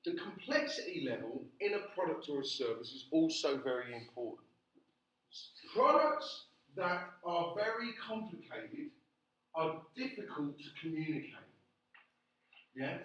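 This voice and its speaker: A man giving a classroom lecture, animated, often checking in with the class by asking "yeah?". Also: fairly high pitch. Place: lecture room. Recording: echoey classroom, distant, dull.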